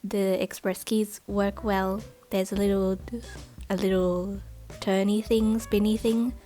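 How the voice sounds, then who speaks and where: Woman vlogger, mid-pitched, rambling casual unboxing narration, cheap home mic. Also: little pitch movement, slow pace, mellow. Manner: chatty, rambling, lots of "like" and "uh". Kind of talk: casual voice-over for an unboxing video. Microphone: not very good home microphone.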